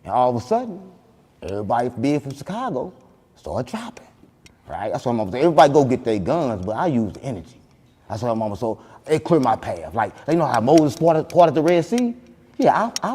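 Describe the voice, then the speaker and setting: A man hosting a podcast, boasting in animated banter and repeating catchphrases, loud one moment and soft the next. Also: medium pitch, in a large hall, a little hiss or hum. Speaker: podcast host.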